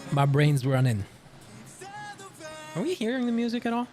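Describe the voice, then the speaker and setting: A man's voice: fairly high pitch, big pitch swings, normal speed. Chatty male streamer with faint music. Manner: rambling, reads chat aloud, swears. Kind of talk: casual chat with viewers.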